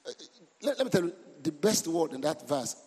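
A middle-aged man, a senior pastor preaching an animated sermon who repeats words and asks the congregation questions. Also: on the high side, a little fast, husky. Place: church hall. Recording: reverberant church hall.

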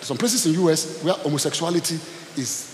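A pastor preaches a sermon in a dramatic, animated style, acting out scenes, his voice a little high and his pace a little fast. The large, echoing hall gives a long reverb tail, and faint hiss runs beneath.

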